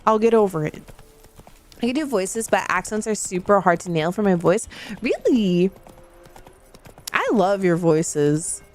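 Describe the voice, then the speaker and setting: A woman's voice: mid-range voice, lively intonation, unhurried, long pauses, darkish tone, faint music behind. Chatty giggly woman game streamer. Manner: chatty, giggly, reads chat aloud. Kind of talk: casual chat while playing a video game.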